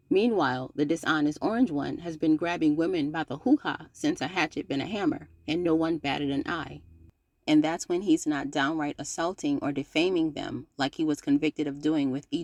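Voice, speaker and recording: A channel host with a mid-range voice reads a scripted open-letter commentary on a dry recording. It's sarcastic and scolding, full of playful slang and direct address.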